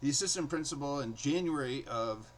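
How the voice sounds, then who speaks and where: A man's voice: mid-range voice, lively intonation, brisk, slight background noise, rough recording. A man in his forties, a teacher hosting his own show, casually telling a story from his career with lots of fillers and acted-out quotes. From New York City. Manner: chatty, many fillers, acts out quotes in raised voice. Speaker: host and storyteller.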